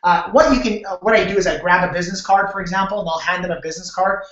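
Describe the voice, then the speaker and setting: A man with a high-sitting, fairly bright voice keeps a steady tone and a quick pace as he runs a live sales-training webinar. Speaking casually from a home room, he restarts often and acts out door-step scenes. His computer mic on the video call yields echoey, dull webcam sound.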